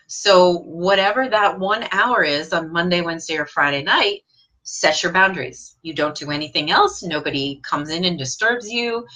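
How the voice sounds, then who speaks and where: A woman leads a live online English lesson, her tone bright and clear while her pitch sits a little low. She reads viewers' comments aloud and answers with encouraging, direct questions. Her pitch leaps up when she praises someone.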